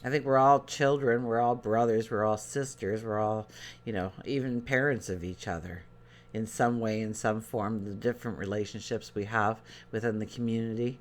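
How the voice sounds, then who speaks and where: A man's voice: lowish voice, steady tone, normal speed. A man giving a daily tarot reading to his viewers, talking in an earnest, rambling way with many fillers and restarts. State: choked up. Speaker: tarot reader.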